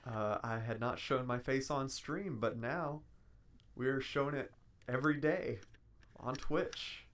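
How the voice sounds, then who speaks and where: A man's voice: medium pitch, takes it slowly, fairly bright tone. A young man, a streamer appearing as a podcast guest, chatting casually with dry, easygoing humor. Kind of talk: casual chat.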